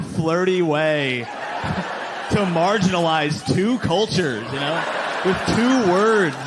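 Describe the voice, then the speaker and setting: A man's voice: on the high side, very noisy. A young adult man doing a stand-up set on a comedy club stage, with a wry, sarcastic delivery into a handheld mic. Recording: live broadcast set with crowd laughter.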